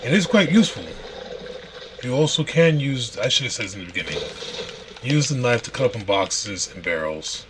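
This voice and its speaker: A man's voice: medium pitch, moderate pace. A man streaming a game and casually explaining what to do as he plays. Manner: relaxed, explains while playing, with restarts. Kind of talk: casual gameplay walkthrough. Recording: noisy stream audio.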